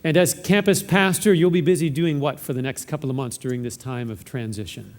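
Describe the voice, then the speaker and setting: Upbeat pastor in a reverberant church. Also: male voice, fairly high pitch, fairly quick. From Southern California. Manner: upbeat, joking host. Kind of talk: church announcements and interview. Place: church sanctuary. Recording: long hall reverb.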